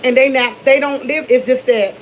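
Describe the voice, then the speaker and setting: A woman's voice: high-pitched, steady tone, moderate pace, muffled recording, a little hiss or hum. Middle-aged D.C. woman chatting candidly. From Washington, D.C. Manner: candid, rambling, with many restarts. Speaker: vlogger. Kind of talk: casual morning chat to camera.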